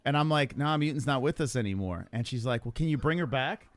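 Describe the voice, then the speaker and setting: Lively, swearing podcast host, a man. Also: mid-range voice, fast talker, dry recording. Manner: loose, profane banter, reads out chat questions. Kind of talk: casual chat.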